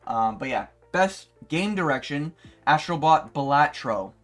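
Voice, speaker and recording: A young man YouTuber ranting in a profane, exasperated way, with sudden loud outbursts. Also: on the high side, lively intonation, measured pace, soft background music. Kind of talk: ranting commentary video.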